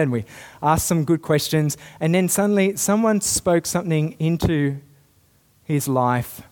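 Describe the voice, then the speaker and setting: A young man delivers a sermon with a fairly high-pitched voice. He tells a story earnestly, then pushes up to emphatic, insistent peaks when he presses a point home. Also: darkish tone. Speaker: preacher.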